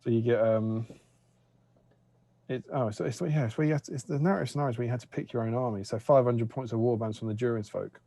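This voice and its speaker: Gravelly man, mellow tone, rambling casual streamer co-host on a video call. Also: medium pitch, quick pace. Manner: chatty, rambling with fillers. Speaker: co-host of a tabletop wargame stream. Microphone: remote video call.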